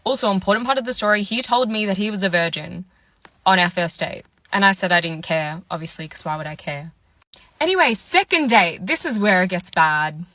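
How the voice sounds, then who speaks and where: A woman's voice: mid-range voice, expressive, brisk, bright, forceful tone, dry recording. A woman in her twenties telling a dating storytime in a chatty, candid way, full of "like". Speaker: vlogger.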